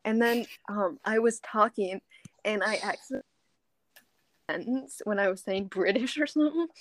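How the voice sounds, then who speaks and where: A woman's voice: mid-range voice, normal speed. A young woman co-hosting a casual podcast chat, eagerly jumping in to add details. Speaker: podcast co-host.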